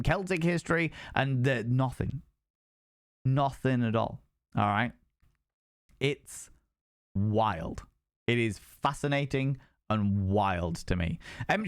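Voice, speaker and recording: A man in the middle of a casual livestream, his voice sitting at an ordinary middle pitch. He greets viewers with flamboyant, theatrical swoops and chats on at length. The sound is close and dry, with no room around it. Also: dry recording. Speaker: livestream host.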